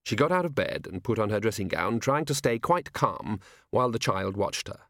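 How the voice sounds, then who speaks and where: A man reading a novel aloud as an audiobook narrator, measured and wry. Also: lowish voice, animated, a bit bright, no echo, clean studio sound. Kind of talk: scripted narration.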